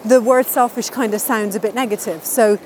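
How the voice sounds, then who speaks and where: A woman's voice: a little high, fairly even intonation, moderate pace, a little mellow, a little hiss or hum, poor audio. A woman answering interview questions in a casual, upbeat and chatty way, laughing now and then at her own wordplay. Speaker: interviewee sharing wellbeing tips.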